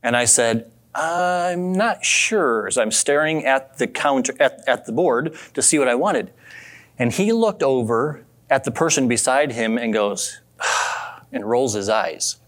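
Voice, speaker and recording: A man preaching a sermon in a relaxed, conversational way, telling a story and asking his listeners questions. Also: mid-range voice, normal speed. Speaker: pastor.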